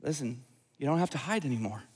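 A man's voice: medium pitch, animated, quick pace, a little mellow, husky, in a large hall. A man preaching a sermon as pastor, earnest and repeating words as he restarts phrases. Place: large church sanctuary.

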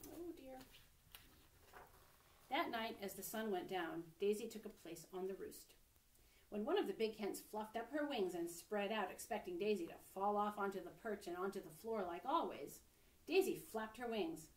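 A woman expressively reading a picture book aloud to children, pausing to point out the pictures. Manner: expressive, pauses to show pictures. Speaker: storybook reader. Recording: echoey room, distant mic, faint rumble.

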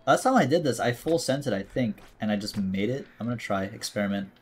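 A man's voice: lowish voice, expressive, fast, husky. A man streaming a video game, chatting casually to himself and his viewers in a jokey way. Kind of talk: casual gameplay commentary.

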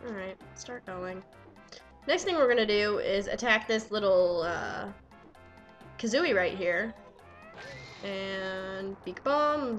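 A young woman swearing and yelling excitedly at the game she plays while commenting. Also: mid-range voice. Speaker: let's player. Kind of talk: casual gameplay commentary.

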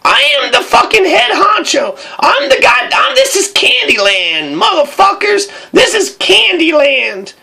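Brief: woman voicing a tyrannical bully teacher, very high, bright and gravelly, shouting profane rants. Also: very animated, measured pace, hardly any pauses, full character voice. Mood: ranting. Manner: shouting, profane, mocking rant.

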